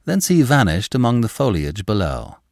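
A male narrator reading a classic novel aloud, measured and expressive. His voice sits low and moves through a lively range of pitch. The recording is dry and close, with no room sound. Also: dry recording. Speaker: audiobook narrator.

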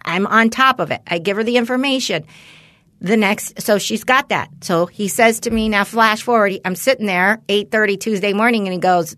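A woman's voice: mid-range voice, normal speed, fairly bright tone, no echo. A middle-aged woman hosting a podcast, telling a story in casual chat with exasperated, profane animation. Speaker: podcast host.

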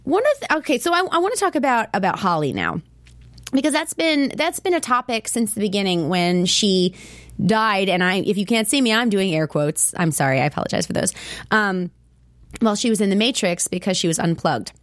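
A woman with a squeaky voice hosting a show, chatting casually and rambling with lots of fillers and laughs. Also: lively intonation, a little fast, dry recording. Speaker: show host. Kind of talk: casual chat about a TV show.

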